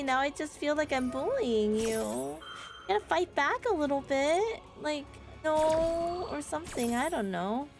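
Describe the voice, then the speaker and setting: A woman with a high, gravelly voice chats with viewers while streaming a card game live. Her talk is casual, playful and sarcastic, broken up by frequent laughter.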